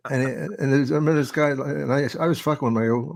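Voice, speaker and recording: A man with a gruff manner tells profane anecdotes in a casual podcast chat. He sounds relaxed among friends. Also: medium pitch, fairly quick. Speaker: podcast host.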